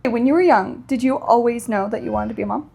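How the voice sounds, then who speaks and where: A woman with a high voice co-hosting a podcast in easygoing chat. She is wry and chatty. As a mother, she steers the talk with questions. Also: quick pace, vocal fry, darkish tone, slightly rough. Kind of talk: casual chat.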